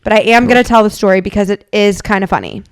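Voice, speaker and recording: A woman co-hosting a podcast, telling a lively story and acting out the quotes of others. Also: medium pitch, fast, smooth. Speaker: podcast co-host. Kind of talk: casual storytelling chat.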